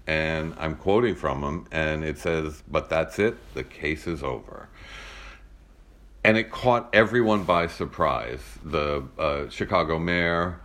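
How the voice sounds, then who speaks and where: A man's voice: low voice, fairly bright tone. A man with a rich, broadcast-style voice co-hosting a podcast, telling stories earnestly in casual chat. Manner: earnest, storytelling. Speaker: podcast co-host.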